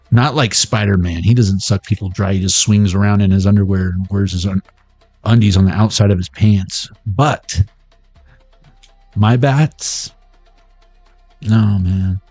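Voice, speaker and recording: A man's voice: fairly low pitch, a little slow, long pauses, a little mellow, no echo, soft background music. A man giving a casual, joking tarot reading on a livestream. He rambles and swears freely. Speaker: tarot reader.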